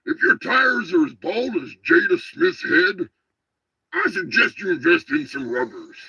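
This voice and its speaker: A man voicing a pushy tire shop pitchman with folksy, crude sales patter. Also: huge pitch swings, measured pace, bright, forceful tone, breathy edge, dry recording, heavily acted. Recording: dull lo-fi, dry.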